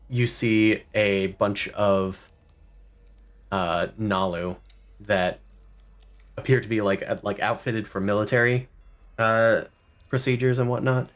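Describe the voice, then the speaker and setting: A man's voice: fairly low pitch, a bit bright. A man acting as game master, loosely describing scenes and making rules calls. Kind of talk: running a tabletop game.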